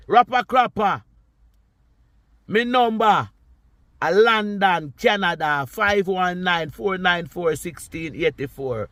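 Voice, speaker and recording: A man in his sixties with a Jamaican accent, ranting and scolding in a repetitive vlog monologue, swinging between loud outbursts and low muttering. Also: expressive, measured pace, no echo. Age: 60s. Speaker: vlogger. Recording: street traffic noise behind. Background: passing cars.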